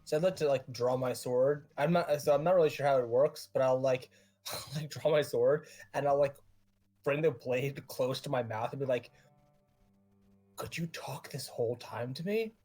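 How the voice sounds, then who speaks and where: Tabletop player, husky voice, rambling and joking, faint music behind. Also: medium pitch, fairly even intonation, normal speed, mellow. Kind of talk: casual tabletop play.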